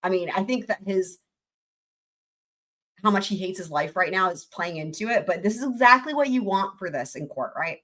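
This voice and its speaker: A woman hosting a livestream, giving casual trial commentary in a very expressive, chatty way and laughing often. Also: medium pitch, normal speed. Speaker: livestream host.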